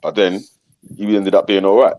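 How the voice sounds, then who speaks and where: Deep-voiced brash man. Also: little pitch movement, moderate pace, darkish tone, no room sound. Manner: brash slang-heavy banter, swears freely. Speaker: host. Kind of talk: casual live-stream chat with callers.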